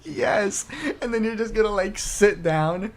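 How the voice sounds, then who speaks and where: A man's voice: sits high, a little slow, a little hiss or hum. A young man co-hosting a casual chat, rambling with many fillers. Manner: rambling, lots of fillers, laughs into put-on voices. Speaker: podcast co-host.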